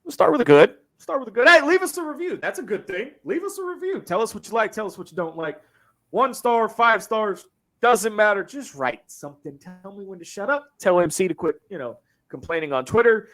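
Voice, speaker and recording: Loud, excitable high-voiced man. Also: a little fast. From Arkansas. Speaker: podcast host. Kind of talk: loud sports podcast banter.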